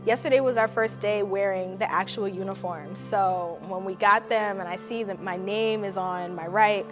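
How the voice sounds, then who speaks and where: A woman Navy recruit speaking earnestly and excitedly in a documentary interview. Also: mid-range voice, moderate pace. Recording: faint music underneath.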